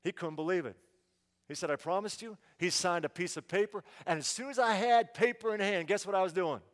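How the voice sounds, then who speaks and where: High-voiced preacher in a reverberant hall. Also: male voice, a little fast. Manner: animated, acts out the story with quoted dialogue. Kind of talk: dramatic first-person sermon storytelling.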